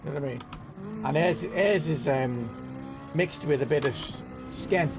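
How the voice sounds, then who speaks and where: A man's voice: on the high side, normal speed. A man with a mild Merseyside accent, chatting casually and rambling as he hosts a sim racing live stream. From northwest England. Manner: rambling, chatty, keeps saying "know what I mean". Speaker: gaming livestream host. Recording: live stream with music underneath. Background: game music playing.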